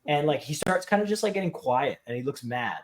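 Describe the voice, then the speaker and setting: Male podcast guest, slightly raised pitch, chatty storyteller who acts out the lines. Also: fairly quick. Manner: animated storyteller acting out quotes. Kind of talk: casual storytelling.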